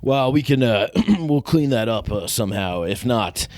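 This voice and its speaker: A man's voice: medium pitch, expressive, moderate pace, a little mellow. A man hosting a comedy podcast, chatting in a loose, profane, riffing way. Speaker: podcast host. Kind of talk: casual comedy chat.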